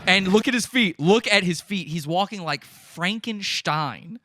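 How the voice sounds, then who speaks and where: A man's voice: high voice, expressive, unhurried, crowd noise. A man hosting a podcast, giving gleeful, mocking live commentary on stream footage and breaking into laughter. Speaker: podcast host.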